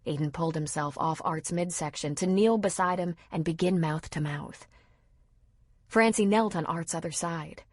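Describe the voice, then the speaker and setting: A woman reading a novel aloud in steady, measured scripted narration. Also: on the low side, no room sound, studio quality. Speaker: audiobook narrator.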